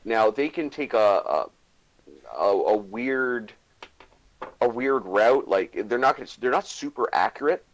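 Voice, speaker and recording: A man from Canada, a guest on a casual livestream, talking haltingly and restarting his words often. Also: mid-range voice, lively intonation, poor audio. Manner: halting, restarts words, hedges with "you know".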